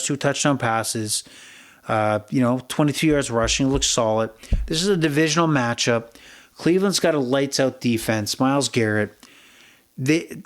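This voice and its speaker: Man, middle-aged, podcast host, blunt, profane, rambling, opinionated, medium pitch. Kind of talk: solo sports betting podcast.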